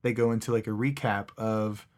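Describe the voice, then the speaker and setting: A man's voice: lowish voice, little pitch movement, normal speed, a little mellow. Male podcast co-host: loose, rambling, laughs easily. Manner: rambling, laughs often, trails off. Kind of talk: casual chat.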